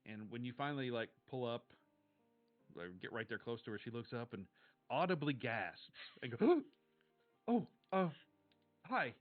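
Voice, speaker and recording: A man running a tabletop role-playing game, describing scenes in a halting, easygoing way full of fillers. His voice comes through thin and tinny, as if over a phone, with faint music behind. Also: medium pitch. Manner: halting, relaxed narration with many fillers. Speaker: game master.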